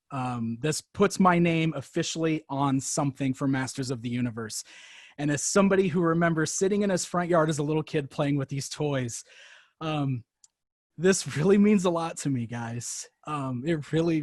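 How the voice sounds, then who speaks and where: A man's voice: fairly high pitch, dry recording, studio quality. A man closing an online fan panel as moderator. He talks in an earnest, grateful way, with frequent fillers. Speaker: panel moderator and book author.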